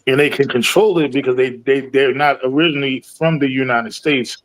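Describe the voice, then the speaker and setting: A man's voice: mid-range voice, brisk, fairly bright tone, rough recording. A man on a casual podcast, talking in a laid-back way with lots of slang and check-ins with the listener. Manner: laid-back slang, often asks "you feel me". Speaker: podcast co-host. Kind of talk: casual chat.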